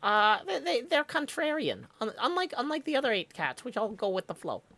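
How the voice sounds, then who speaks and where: A woman's voice: on the high side, big pitch swings, fairly quick, fairly bright tone. A woman hosting a casual livestream chat, joking and reading out viewer tips. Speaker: stream host.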